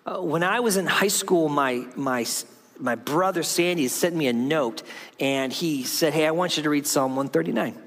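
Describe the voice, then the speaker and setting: A man's voice: a little high, normal speed. A male pastor preaching a sermon, telling a story and acting out the voices in it. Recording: long hall reverb.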